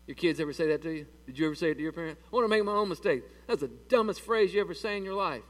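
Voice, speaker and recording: A man's voice: a little high, rapid-fire, distant mic. A man preaching a sermon in a church in a folksy, conversational way and asking the congregation questions. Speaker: pastor.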